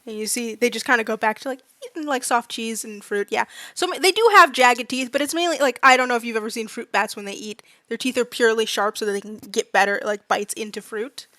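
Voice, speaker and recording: A woman's voice: on the high side, fast talker, bright, forceful tone, dry recording, clean studio sound. A woman player casually describing her character, rambling with many filler words.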